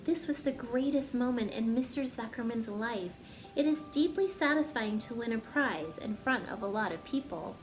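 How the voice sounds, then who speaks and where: A woman storyteller reading a children's chapter book aloud with gentle, expressive narration. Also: on the high side, moderate pace, music in the background.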